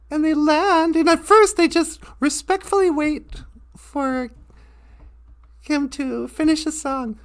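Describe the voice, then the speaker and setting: A woman telling a folksy animal tale on a live stream, chuckling now and then. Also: sits high. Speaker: storyteller.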